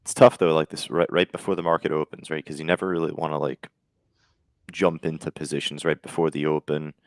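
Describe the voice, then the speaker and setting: Very deep, gravelly man, casual trading host. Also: a little fast, no echo. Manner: relaxed, conversational, lots of fillers. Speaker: day trading show host. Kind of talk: casual live trading chat.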